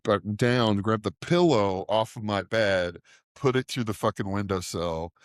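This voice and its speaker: A fairly low-voiced, middle-aged podcast co-host spins a long profane tale, rambling and laughing as he goes on a casual show. His pace is measured and his tone clean. The close, dry recording has no echo and no room around it.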